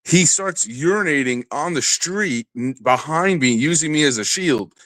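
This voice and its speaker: A man telling a long, animated and profane story in a casual podcast chat. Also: on the high side, moderate pace, no room sound. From New York area.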